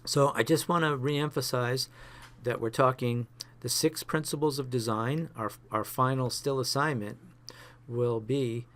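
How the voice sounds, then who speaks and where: A man's voice: mid-range voice, steady tone, measured pace, fairly bright tone. A man teaching a photography class, talking through example pictures with many fillers and restarts. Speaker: photography instructor.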